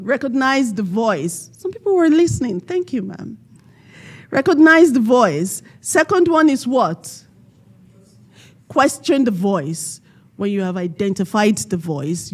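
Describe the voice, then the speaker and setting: A woman giving a motivational talk at a community event, quizzing the audience and leading them in call-and-response with slow, emphatic stress on key words. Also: a little high. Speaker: panel speaker.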